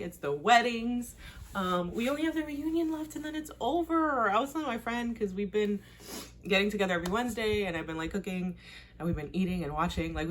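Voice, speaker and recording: A woman hosting a casual TV recap, chatty and animated, blunt and slangy, laughing often. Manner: chatty and animated, with big pitch swings and frequent laughs. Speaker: host.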